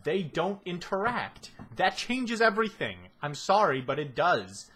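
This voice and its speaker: A husky man with a somewhat high voice rants through a show analysis. He sounds exasperated and swears freely, pushing his points hard. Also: expressive, measured pace, sharp tone. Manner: exasperated ranting, heavy swearing. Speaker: video commentator.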